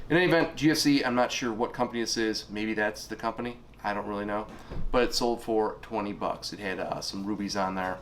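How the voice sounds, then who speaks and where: A middle-aged online reseller casually runs through items he sold, rambling with fillers and unsure asides. His voice sits on the low side with a fairly bright tone, and there's slight background noise.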